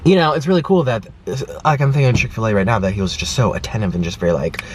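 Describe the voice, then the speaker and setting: A man's voice: mid-range voice, very animated, racing, slight background noise. A young man chatting to camera from his car, telling a story with lots of acted-out quotes. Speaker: food vlogger. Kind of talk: casual chat to camera.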